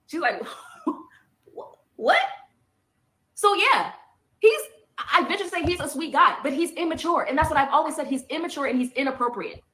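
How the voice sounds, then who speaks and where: A woman's voice: high-pitched, expressive, fairly quick, sharp tone. A woman in a heated monologue, emphatic and repeating her points for effect.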